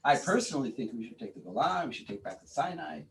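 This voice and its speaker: A man teaching a class, arguing his opinions in an animated, informal way with many restarts. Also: medium pitch, fast, gravelly. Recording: voice from far off in a classroom.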